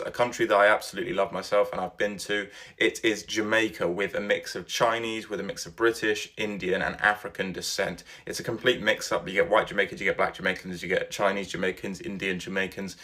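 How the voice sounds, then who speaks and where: A man's voice: on the low side, sharp tone. Man narrating a chatty countdown list. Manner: chatty, emphatic, personal asides.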